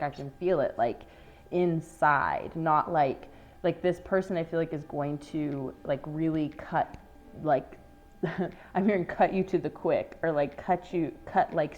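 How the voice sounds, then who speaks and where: A woman's voice: low-pitched, darkish tone, muffled recording. A woman giving a casual tarot reading to viewers, rambling and earnest, full of "like" and casual swearing. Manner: earnest and emotional. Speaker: tarot reader.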